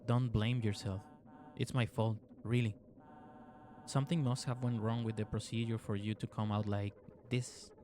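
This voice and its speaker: A man voicing a cold, controlling scientist mother, speaking in a stern, calmly menacing way in a horror game. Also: lowish voice, moderate pace, a little hiss or hum, lightly acted. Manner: stern, clipped, menacing calm.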